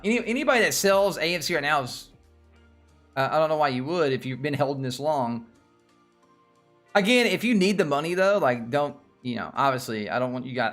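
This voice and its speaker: A livestream host with a Southern US accent rambles casually about stocks, repeating himself and chatting with viewers. His voice is on the high side and fairly bright, with lively intonation, a slightly fast pace, and soft music behind him.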